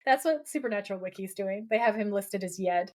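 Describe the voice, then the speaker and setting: Chatting on a podcast she co-hosts, a woman walks through a TV episode, reading lines aloud to retell scenes and filling her speech with fillers. She speaks briskly at a medium pitch, with a slightly mellow quality.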